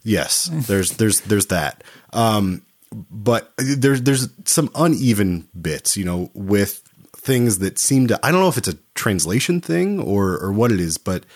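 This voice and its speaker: Male podcast co-host, low voice, hesitant and meandering delivery. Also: darkish tone. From Oklahoma, USA. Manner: hesitant, many restarts and fillers. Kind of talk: casual film discussion.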